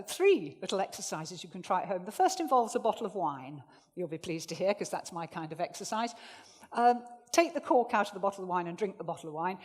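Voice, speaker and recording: A woman running a presentation skills workshop for a live audience, jokey and lively, swinging her voice up and down to make her points. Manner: lively, jokey, swings pitch widely for demonstration. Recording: echoey hall reverb.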